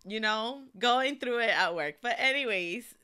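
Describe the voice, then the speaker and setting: A woman's voice: a little high, a little slow, clean tone. A young woman co-hosting a casual fan podcast, chatting and laughing with friends. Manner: laughing, animated fangirl chatter. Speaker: podcast co-host. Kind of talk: casual chat.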